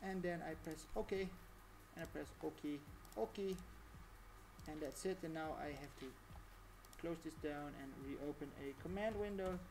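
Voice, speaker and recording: A woman's voice: deep voice, unhurried, noisy background. A woman talking through a casual live-stream tutorial, chatty and rambling, laughing often.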